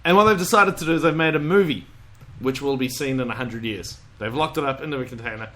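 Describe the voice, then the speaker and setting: Male podcast host, bright forward voice, rambling and chatty, swears freely. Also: mid-range voice, quick pace. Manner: rambling, chatty, swears casually, laughs often. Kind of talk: casual chat.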